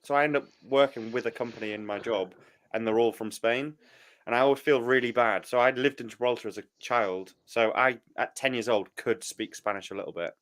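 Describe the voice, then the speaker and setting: A man's voice: mid-range voice, steady tone, a little fast, fairly bright tone. A British man hosting a podcast in casual chat, teasing his guest and laughing often. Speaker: podcast host.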